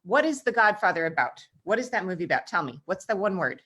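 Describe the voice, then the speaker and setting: An American woman hosting a casual video-call chat, a tour guide telling travel stories in a brisk, emphatic way. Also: lowish voice, sing-song, sharp tone, slightly rough.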